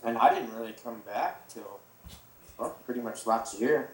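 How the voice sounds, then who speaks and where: A man from South Dakota answers loosely as a podcast guest, his sentences trailing off and restarting. His voice sits in an echoey room, with a faint noise floor under it over a video call. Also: mid-range voice. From South Dakota, USA. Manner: halting, loose, drifting sentences. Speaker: podcast guest, motocross rider. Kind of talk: casual chat.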